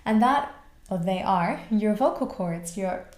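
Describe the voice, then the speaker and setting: A woman from Australia teaching a voice class, guiding the breath with calm, slow cues. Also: medium pitch. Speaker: voice and mantra teacher. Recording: roomy echo.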